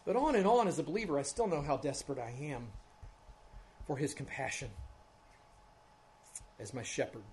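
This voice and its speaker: A male pastor preaching an expository sermon. He is earnest, drops to hushed tones, then swells to loud emphasis, and often checks in with the congregation. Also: a little high, sing-song, normal speed, long pauses, a little hiss or hum. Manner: earnest, swings from hushed to loud emphasis, keeps asking "right?".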